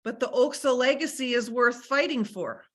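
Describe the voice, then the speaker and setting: A middle-aged woman gives a motivational talk over a video call. Her voice is bright and forceful and sits a little high. She talks emphatically and keeps repeating her key points. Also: moderate pace. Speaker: motivational speaker.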